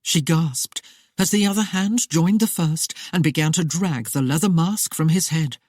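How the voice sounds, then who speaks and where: An audiobook narrator reads a historical romance in scripted narration, steady and even in his storytelling. The mid-range voice moves at normal speed, recorded dry with clean studio sound.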